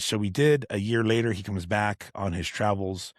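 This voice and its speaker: A low-voiced man guesting on a casual podcast, rambling through stories with lots of fillers and swearing. His voice sits close on a dry microphone. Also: moderate pace, hardly any pauses, no echo. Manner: rambling, profane storyteller with many fillers. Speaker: podcast guest, tattoo artist.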